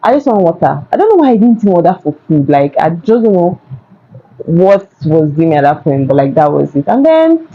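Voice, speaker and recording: A young woman with a Nigerian accent telling a casual storytime to camera, chatty and animated. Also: low-pitched, brisk, narrow, tinny audio. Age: young adult. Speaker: vlogger. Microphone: phone.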